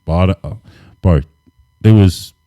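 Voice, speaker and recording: A man, relaxed and laid-back, telling stories as an interview guest with lots of casual fillers. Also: low-pitched, a little slow, dry recording, clean studio sound. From New Zealand. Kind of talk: casual storytelling.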